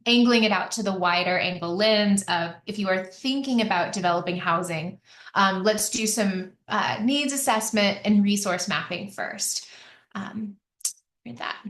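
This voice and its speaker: A woman's voice: mid-range voice, unhurried, fairly bright tone. A woman giving a conversational webinar presentation, with frequent fillers and restarts. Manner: chatty, many fillers and restarts. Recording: echoey room.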